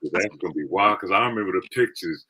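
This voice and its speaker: A man's voice: low-pitched, fast, pushed and bright, slightly rough. A man hosting a podcast, reacting with encouraging laughs and short remarks. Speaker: podcast host. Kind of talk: casual chat.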